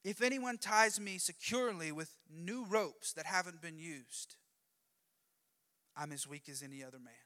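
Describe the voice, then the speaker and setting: A man's voice: fairly high pitch, moderate pace, bright, forceful tone. A preacher playing offhand strongman Samson. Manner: casual, offhand. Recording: long hall reverb.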